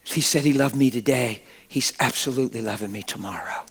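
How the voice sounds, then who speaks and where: A man's voice: mid-range voice, fairly quick, breathy edge. A middle-aged man preaching a sermon as a pastor, exuberant and folksy, breaking into laughter.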